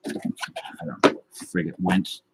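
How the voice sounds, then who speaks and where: Heavy background noise surrounds this man as he hosts a trading card and guitar livestream at a moderate pace. He chats and rambles through viewer comments, poking fun at himself.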